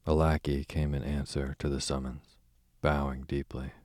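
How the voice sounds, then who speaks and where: A man narrating a novel as a bedtime audiobook, with calm, measured storytelling. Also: a bass voice, no room sound, studio quality.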